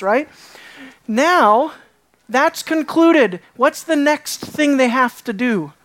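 Emphatic lady bible teacher preaching, kinda high voice, lots of rhetorical questions. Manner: emphatic, asks rhetorical questions, repeats words for stress. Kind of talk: sermon-style Bible teaching.

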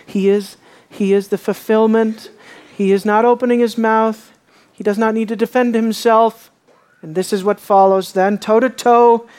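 A woman preaching a sermon, emphatic and dramatic, her voice swelling from quiet explanation up to shouting. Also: on the high side, steady tone, normal speed.

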